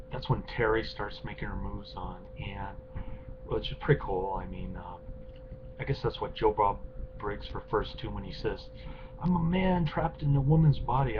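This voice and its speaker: A man giving a casual, unscripted film review, rambling and offhand with lots of ums and uhs. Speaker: movie reviewer. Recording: dull lo-fi recording with clear background rumble.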